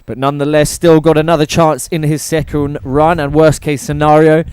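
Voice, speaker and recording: Calling the action at an outdoor cable wakeboard contest, this male commentator keeps the play-by-play upbeat and names each trick. His voice is on the high side with a darkish, smooth tone, yet his delivery is flat and moderately paced, in a dry, rough recording.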